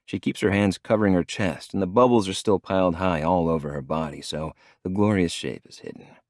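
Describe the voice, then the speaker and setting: Deep-voiced male audiobook narrator. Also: brisk, a little mellow, no room sound, clean studio sound. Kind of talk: first-person romance narration.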